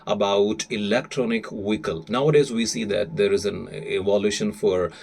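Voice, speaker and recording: A man with an Indian accent, an English teacher reading an article aloud for learners, deliberate and often hesitating. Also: lowish voice, steady tone, creaky, a little mellow, slightly rough.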